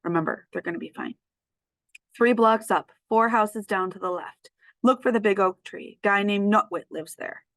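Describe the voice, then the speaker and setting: A woman's voice: fairly low pitch, fairly even intonation, a little fast, vocal fry, dry recording. A woman reading the lines of a scrappy male dog as a storybook character, speaking in an urgent, insistent way. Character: scrappy male dog, bossy big brother.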